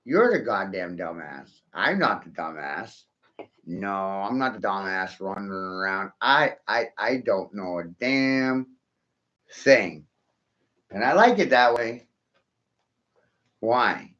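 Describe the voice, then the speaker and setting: A man delivers a sarcastic, profane rant straight to his viewers and needles them with rhetorical questions. His voice is pushed and forceful, climbing and dropping in wide swings, and the recording sounds dull and lo-fi. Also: lowish voice, very animated, slow pace, long pauses. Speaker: vlogger. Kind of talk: ranting monologue to viewers.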